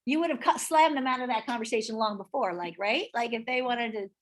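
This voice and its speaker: A middle-aged woman teaching a live real estate sales class, animated and often checking in with her listeners. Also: a little high, brisk. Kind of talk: live training talk to a class.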